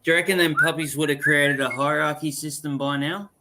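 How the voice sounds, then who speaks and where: A man's voice: a little high, steady tone, fairly quick. An Australian man in casual chat, joking and teasing the others. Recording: loud background noise.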